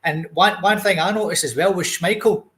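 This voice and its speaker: A man's voice: high voice, moderate pace, a bit bright. A young Scottish man co-hosting a podcast, talking football bluntly and casually. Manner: blunt, says mate a lot. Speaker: podcast co-host.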